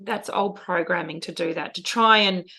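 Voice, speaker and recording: This middle-aged woman co-hosts a podcast, her fairly low voice carrying a sharp tone at normal speed. In relaxed, reflective conversation about parenting and feelings, she sounds earnest and emotional and reaches for spiritual phrasing.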